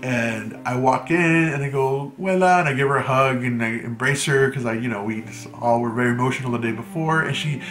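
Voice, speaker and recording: A man's voice: medium pitch, a little fast, few pauses, a bit bright. Man, casual storytime, rambling fillers, echoey room, background music. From Mexico. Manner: chatty storytelling full of "like". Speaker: vlogger.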